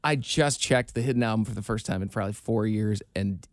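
A man's voice: on the low side, fairly quick, dry recording, clean studio sound. A young man co-hosting a radio show, telling stories in a playful, joking way. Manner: playful storyteller, jokey. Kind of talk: casual chat.

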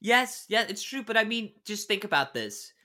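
Bright, animated man chatting. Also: high voice, moderate pace. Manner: animated, laughs often, many restarts. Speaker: actor, podcast guest. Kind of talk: casual chat.

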